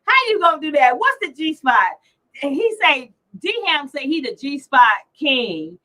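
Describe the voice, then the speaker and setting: A woman's voice: sits high, sing-song, a little slow, pushed and bright, low-quality recording. A middle-aged woman hosting a casual livestream chat, teasing and brash as she reads out comments. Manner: brash, teasing, salty language. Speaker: livestream host.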